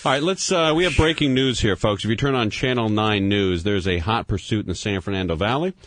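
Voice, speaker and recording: A man's voice: on the low side, a little fast, no room sound. A man hosting a call-in radio talk show, joking loosely with callers and reading out breaking news. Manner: loose, joking, lively delivery with laughs. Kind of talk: casual call-in radio chat.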